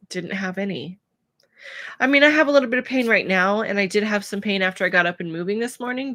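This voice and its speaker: Woman vlogger, close dry mic, open and emotional, halting speech with fillers. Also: mid-range voice, fairly bright tone, no room sound. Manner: emotional, searching for words, many pauses and fillers. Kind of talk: personal vlog talking to camera.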